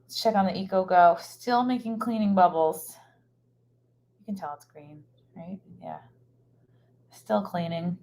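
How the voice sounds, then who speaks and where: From a hotel room, a woman comedian chats casually on a live stream at a measured pace with long pauses, her voice low-leaning and a little mellow. Her talk is rambling and scatterbrained, full of fillers, and picked up by a streaming mic.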